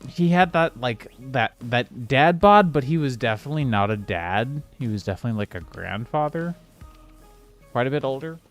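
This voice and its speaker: A man streaming a building game, rambling casually and now and then snapping in exasperation at the game. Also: lowish voice. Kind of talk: casual gameplay commentary.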